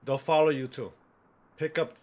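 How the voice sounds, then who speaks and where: A man's voice: a little high, fairly even intonation, moderate pace, darkish tone, natural voice. A man reading in-game lines as a nervous, stuttering male stranger who is being followed. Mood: nervous, urgent.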